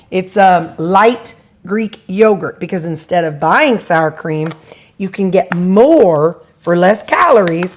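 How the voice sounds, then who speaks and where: A woman vlogger chatting casually about her meals, rambling and tasting food as she talks. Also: medium pitch. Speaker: weight-loss vlogger. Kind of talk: casual food vlog chat.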